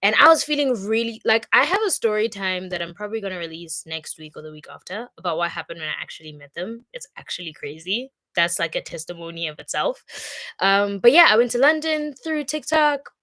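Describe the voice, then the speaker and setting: A woman's voice: medium pitch, lively intonation, brisk, sharp tone, no room sound. A young woman from Congo chatting casually and upbeat on a livestream, with plenty of fillers. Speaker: content creator.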